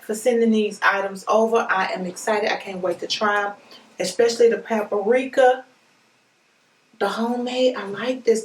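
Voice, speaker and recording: A fairly high-voiced woman gushes her way through an unboxing, talking right to her viewers. She sounds a little distant from the mic. The room echoes around her. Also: a little hiss or hum. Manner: excitable, gushing, talks straight to viewers. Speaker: unboxing vlogger. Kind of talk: casual unboxing chat. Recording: roomy echo, mic at a distance.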